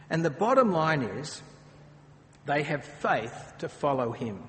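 A man preaching a sermon, speaking earnestly and slipping into dramatic acted quotes. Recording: long hall reverb, faint rumble.

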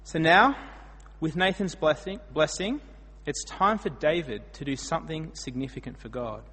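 Australian preacher in an echoey hall. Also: male voice, on the high side, moderate pace, slightly rough. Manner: storytelling, dramatic swings in loudness. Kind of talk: sermon.

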